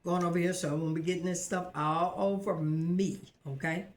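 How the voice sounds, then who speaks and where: A married woman hosting a casual live cooking video at home, chatting excitedly to her viewers and laughing often. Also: fairly low pitch, a little fast. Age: adult, married. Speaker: host of a home cooking channel. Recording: roomy echo.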